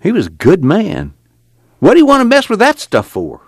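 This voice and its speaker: A man voicing a gruff, flustered older farmer father with a drawl, blustering and demanding. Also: on the low side, sing-song, normal speed, no echo, studio quality, pitched above the performer's own voice. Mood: indignant.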